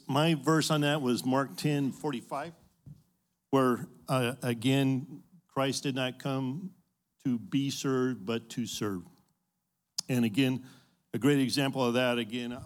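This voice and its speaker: A man's voice: medium pitch, steady tone, unhurried. A man from the Los Angeles area, sharing in a group talk in a reflective way and quoting scripture.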